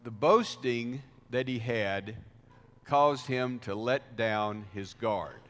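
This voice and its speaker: Man, pastor, slow deliberate sermon, emphatic swells, long church reverb. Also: mid-range voice, a bit bright. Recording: reverberant hall sound.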